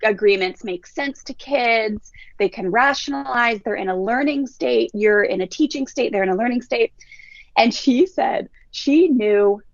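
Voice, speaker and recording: In an unhurried, slightly high and creaky voice, a Southern California parenting coach shares stories during a podcast conversation, animatedly performing the kids' voices. The audio has its highs cut off and carries no room sound.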